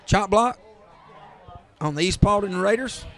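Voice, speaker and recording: A man with a Southern accent calling high school football play by play, rising to excited near-shouts on big runs. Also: unhurried. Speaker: play-by-play announcer.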